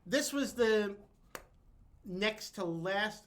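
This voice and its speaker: Man, high bright voice, podcast co-host, agreeable, casual chat. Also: animated, drawn-out words. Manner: agreeable, fills in with frequent mm-hmms and yeses. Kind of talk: casual chat recapping a sitcom episode.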